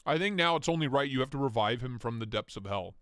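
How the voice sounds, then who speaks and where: A man's voice: medium pitch, expressive, quick pace, a bit bright, smooth, no echo, studio quality. A man hosting a casual live stream, joking and rambling as he talks, often breaking into laughter. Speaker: livestream host.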